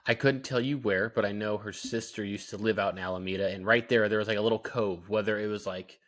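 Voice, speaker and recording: A man's voice: fairly low pitch, quick pace. Chatty young man telling dad stories. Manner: animated storytelling, lots of fillers. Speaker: podcast co-host. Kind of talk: casual chat.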